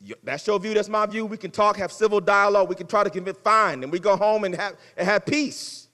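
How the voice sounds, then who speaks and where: A man preaching a sermon as pastor, conversational and folksy, swinging between loud exhortation and hushed asides. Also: high-pitched, a little fast, hardly any pauses, long reverb tail. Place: church sanctuary.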